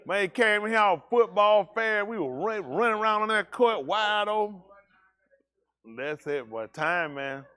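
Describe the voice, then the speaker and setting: A man's voice: high-pitched, expressive, unhurried, bright, forceful tone, clean tone. A man leading a congregation, bantering casually and teasing people in a joking, folksy way.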